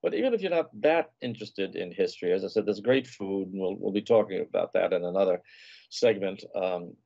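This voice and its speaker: Low, dark-voiced man telling travel stories. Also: fairly quick, vocal fry, dry recording, lo-fi sound. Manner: leisurely, anecdotal storytelling. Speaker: food and travel writer guest. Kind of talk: conversational interview.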